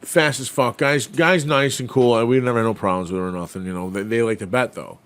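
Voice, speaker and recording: A man's voice: mid-range voice, a little fast, fairly bright tone, clear, resonant tone. A man co-hosting a casual podcast, chatting and swapping racing stories in a laid-back, profane way. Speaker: podcast co-host. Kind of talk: casual storytelling chat.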